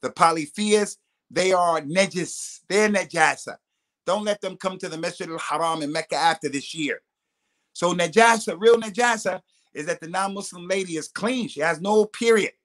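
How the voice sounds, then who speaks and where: A religious scholar responds to questions on a live stream, going into lengthy explanations and reciting Arabic quotations rapidly. He has a high, slightly bright voice.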